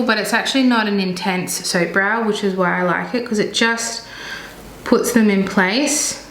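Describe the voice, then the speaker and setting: A woman's voice: mid-range voice, roomy sound, a little hiss or hum, rough recording. A young Australian woman chatting through her makeup routine as a beauty vlogger, rambling and correcting herself as she goes. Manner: rambling, self-correcting, frank. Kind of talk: chatty get-ready-with-me makeup talk.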